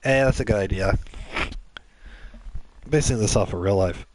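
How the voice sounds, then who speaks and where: A man making up a story as he goes, rambling and restarting often. His voice sits low and sounds dry and close. He talks like a gaming host chatting over play. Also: normal speed, darkish tone, dry recording, poor audio.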